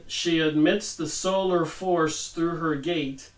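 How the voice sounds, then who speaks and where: A man's voice: fairly high pitch, steady tone, slow pace, hardly any pauses, far from the mic, poor audio. A man hosting a book review, reading passages aloud and adding his own conversational, rambling asides. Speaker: channel host reviewing a book.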